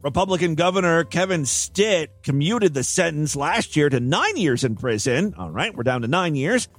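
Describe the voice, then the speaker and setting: Brief: high, animated male commentator, sarcastic and profane, faint music underneath. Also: normal speed. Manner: sarcastic, profane, mocking asides. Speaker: comedic news commentator. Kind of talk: reading and mocking news stories.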